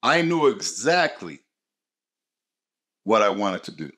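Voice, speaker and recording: A man's voice: fairly low pitch, very animated, slow pace, fairly bright tone. Blunt, cursing motivational man. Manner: blunt, profane and emphatic; repeats short punchy phrases. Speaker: podcast host. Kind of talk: motivational podcast monologue.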